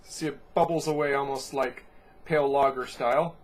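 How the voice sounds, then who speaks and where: A man's voice: mid-range voice, fairly even intonation, moderate pace. A man giving a casual beer review, talking in a rambling way and often correcting himself. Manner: rambling, self-correcting, chatty.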